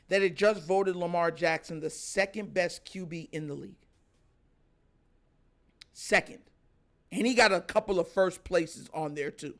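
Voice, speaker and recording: A man hosting a sports talk show, giving animated casual reaction commentary and laughing often. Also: sits high. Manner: animated, excitable, laughs often, mimics players.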